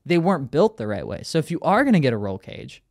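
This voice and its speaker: A man's voice: on the high side, very animated, fast, vocal fry. A young man hosting a car podcast, talking in a laid-back, teasing, profane casual chat. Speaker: podcast host.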